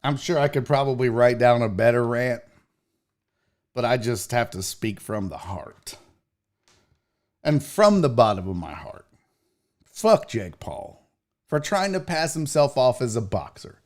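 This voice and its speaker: A man in his forties hosts a livestream, speaking at a medium pitch with a very animated delivery. He's unhurried and pauses often as he launches into a heated, profane rant, mocking others in put-on voices.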